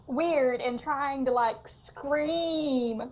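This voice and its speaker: A high-pitched woman in her twenties talks slowly on a muffled call line. She giggles often and drops crude jokes in loose stream banter. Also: a crowd in the background. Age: 20s. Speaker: co-host guest. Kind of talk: casual live-stream chat.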